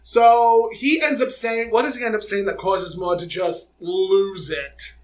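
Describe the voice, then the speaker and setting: A young man with a notably high voice co-hosts a casual podcast. He tells stories with flair, slipping into the voices of family members and then back to his own. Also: a little slow. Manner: animated, dramatic storytelling with quoted dialogue. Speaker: podcast co-host. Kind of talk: casual chat.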